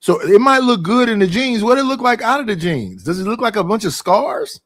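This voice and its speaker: A man's voice: sits high, brisk, no room sound. Profane, ranting middle-aged man. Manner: profane, animated, rhetorical questions. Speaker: streamer. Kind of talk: casual ranting monologue.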